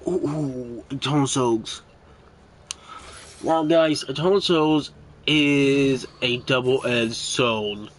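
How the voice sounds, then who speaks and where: A man's voice: medium pitch, very slow, slight background noise. A young man giving rambling, casual commentary over a card game as a streamer, stopping now and then to scold his cats. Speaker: gaming streamer.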